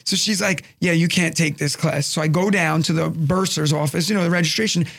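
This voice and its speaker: A young man with a thick New York accent rambles through a story, acting out every quote. His voice sits high and has a gravelly edge. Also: fairly even intonation, fairly quick, a bit bright. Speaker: podcast co-host. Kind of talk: casual storytelling chat.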